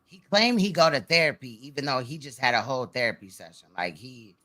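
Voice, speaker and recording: A man's voice: mid-range voice, very animated, a little fast, pushed and bright. A man hosting a livestream, reacting with sassy, gossipy commentary. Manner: sassy, gossipy remarks with laughs. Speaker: livestream host.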